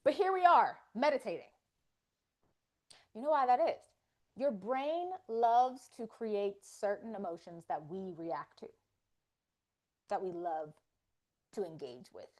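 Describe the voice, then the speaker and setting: A woman hosting a live faith-based wellness talk, animated and playful, acting out inner voices. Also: mid-range voice, slow pace, long pauses. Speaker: wellness session host.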